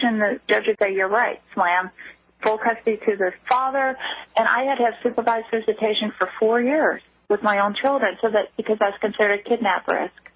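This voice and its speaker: Woman, husky, a little high, halting speech full of restarts, tinny dry phone line. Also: steady tone. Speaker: interview guest. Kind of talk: radio phone interview. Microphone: telephone.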